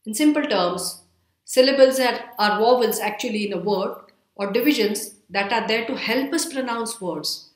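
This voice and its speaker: A woman with an Indian English accent giving a recorded lecture, speaking slowly and deliberately and spelling words out letter by letter. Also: fairly high pitch. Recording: echoey room.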